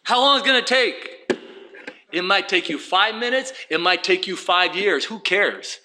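A man preaching a sermon in church, dramatic, swinging from shouts to hushed tones. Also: sits high, lively intonation, normal speed, a little hiss or hum. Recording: echoey church hall, mic at a distance.

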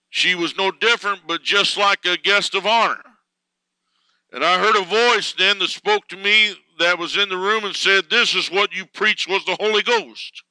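A man preaching a sermon fervently, swelling louder and slower on key words. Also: high voice, smooth, dry recording, low-quality recording.

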